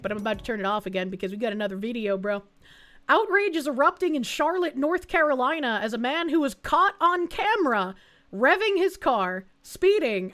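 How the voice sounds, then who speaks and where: A woman's voice: high-pitched, fairly bright tone. A woman streamer reacting to news clips, blunt and indignant, swearing freely. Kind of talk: casual reaction commentary.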